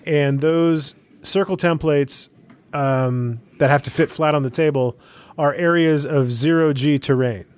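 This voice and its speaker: A man's voice: on the high side, measured pace, a little mellow, clean tone, no room sound. A man co-hosting a casual podcast, explaining game rules in a hesitant way with lots of fillers. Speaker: podcast co-host. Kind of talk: casual podcast chat about a tabletop game.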